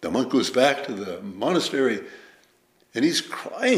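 A man giving a Zen dharma talk as teacher, measured and reflective, telling stories with lively emphasis. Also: fairly high pitch. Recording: roomy echo.

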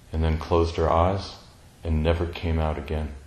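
A man telling a personal family story in a slow, tender, reflective way, pausing often. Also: rumbling low, level tone, a little mellow, reverberant, low-quality recording. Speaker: speaker sharing a personal story.

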